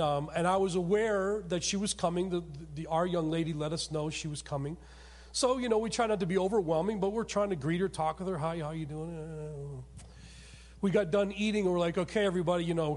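A man preaching a sermon as pastor, telling a story with emphatic rises and sudden soft drops. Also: sits high. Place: church sanctuary. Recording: long hall reverb.

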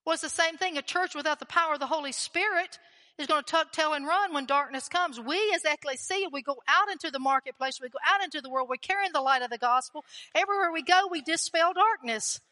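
High, bright-voiced fervent woman preacher. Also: fast, in a large hall. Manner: fervent, emphatic, repeats lines for stress. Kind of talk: sermon.

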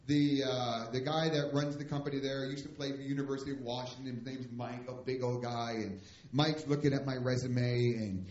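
A man preaching a comic, animated storytelling sermon as a missionary in a church, acting out the dialogue. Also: medium pitch, brisk. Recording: roomy church hall, dull lo-fi sound.

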